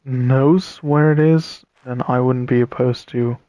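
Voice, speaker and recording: A man streaming a puzzle game, thinking aloud with pauses and chatting to viewers, tired and yawning. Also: medium pitch, fairly even intonation, warm tone, dry recording. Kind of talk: casual let's-play commentary.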